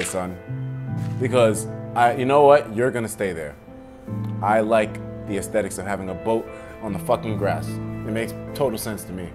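A man casually commentating a game, rambling and swearing, sometimes bursting into loud laughter. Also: lowish voice, moderate pace, over music. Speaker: gaming commentator. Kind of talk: casual let's-play commentary. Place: room at home with windows open.

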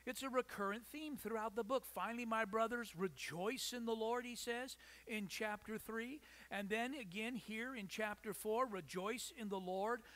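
A man preaching a sermon as pastor, emphatic, asking the congregation rhetorical questions and pausing for effect. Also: extremely high pitch, a bit bright. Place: church.

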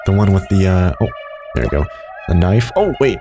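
Excitable man with a wildly swooping voice. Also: low-pitched, normal speed. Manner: excitable, reacting loudly and laughing often. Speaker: let's play gamer. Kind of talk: gameplay commentary. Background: game music.

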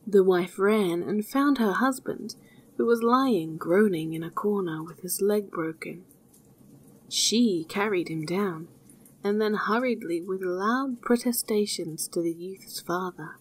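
Folk tale narrator, a woman with a husky voice and a slow, measured telling. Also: medium pitch. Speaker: storyteller.

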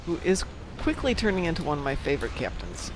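A man hosting a casual gameplay live stream, chatting in a playful, excitable and jokey way. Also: on the high side, quick pace, noisy background. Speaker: stream host.

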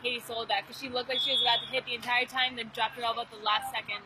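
A woman's voice: a little high, flat delivery, very fast, loud music behind the voice, rough recording. A sixteen-year-old girl doing live commentary at a beach volleyball match, chatty and joking between points. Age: teens. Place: outdoor beach volleyball event.

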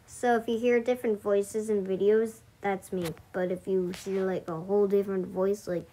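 A woman, the channel owner, gives casual gameplay commentary in a warm, steady mid-range voice at normal speed with hardly any pauses. She rambles hesitantly and giggles often, recorded as a screen capture with a voice mic.

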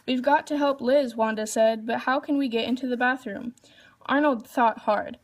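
High-voiced woman reading a storybook aloud. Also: steady tone, normal speed. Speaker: reader.

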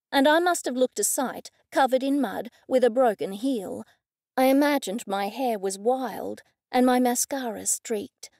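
Gravelly-voiced woman narrating an audiobook. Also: sits high, expressive, unhurried, a little mellow, no echo, studio quality. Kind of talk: scripted first-person audiobook narration.

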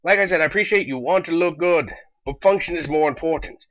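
A young man delivering a sarcastic, exasperated comedic rant in an animated way, on slightly dull lo-fi audio. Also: a little high, fast talker, no room sound. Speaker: vlogger.

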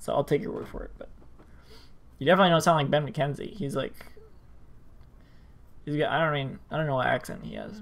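A man's voice: a little high, creaky. A man hosting a let's play, rambling in casual commentary with frequent stammers and self-interruptions.

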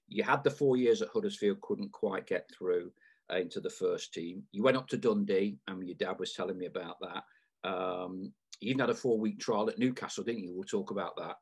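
A man's voice: lowish voice, slightly rough. A man hosting a podcast, asking rambling, chatty questions with lots of fillers. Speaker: podcast host. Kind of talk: casual interview.

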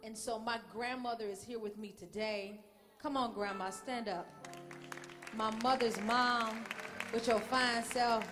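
A woman's voice: fairly high pitch, fairly even intonation, unhurried, over music. Woman minister, middle-aged, playful call-and-response, long church reverb, crowd audible. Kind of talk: lively church address to congregation. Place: large church sanctuary. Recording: echoey hall, congregation noise.

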